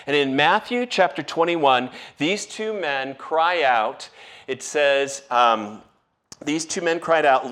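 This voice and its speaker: A male pastor delivering a sermon in a chatty, down-to-earth tone. He has a medium-pitched voice and slips into acted-out quotes as he goes. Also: animated, slow pace, fairly bright tone. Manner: conversational preaching with acted-out quotes.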